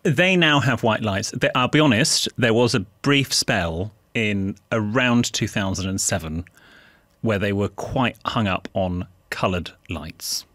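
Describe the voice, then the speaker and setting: A man's voice: fairly low pitch, unhurried, fairly bright tone, no room sound. A man co-hosting a podcast in casual comic chat, dry, opinionated and wry. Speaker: podcast co-host.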